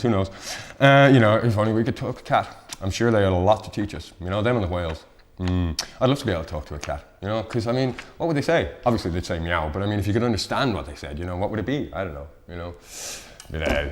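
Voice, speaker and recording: A man hosts a small studio show, racing through funny news items. He rambles, corrects himself and jokes at his own expense, at an ordinary middle pitch. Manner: rambling and self-deprecating, quick asides. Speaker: presenter. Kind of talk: casual news round-up of odd stories. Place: local TV studio.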